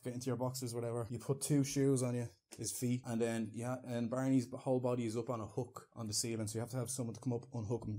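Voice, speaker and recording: A young Irish man telling a crude comic story as a vlogger, animated and prone to loud shouted outbursts. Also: mid-range voice.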